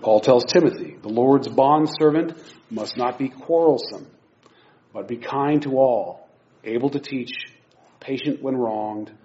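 A man's voice: mid-range voice, unhurried, warm tone. A man preaching an informal sermon from a church pulpit, reading scripture and chatting in a self-mocking way. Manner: chatty, laughs at himself, restarts phrases. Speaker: preacher teaching a Bible class. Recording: dull lo-fi recording.

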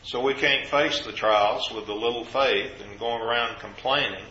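A man preaching a sermon, earnest and explanatory, rising in pitch as he quotes scripture. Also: normal speed, sharp tone, echoey room, muffled recording, a little hiss or hum.

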